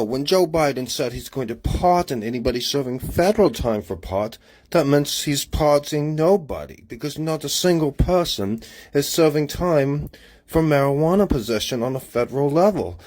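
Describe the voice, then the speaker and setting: A man's voice: on the high side, darkish tone. Man, casual spoken diary, rambling, candid, opinionated. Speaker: vlogger writing a daily journal. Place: Honolulu.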